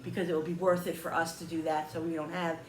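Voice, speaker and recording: A woman's voice: sits low, fast talker. Woman vlogger, casual heated storytelling, roomy echo, faint background hum. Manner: animated, heated retelling with quoted dialogue.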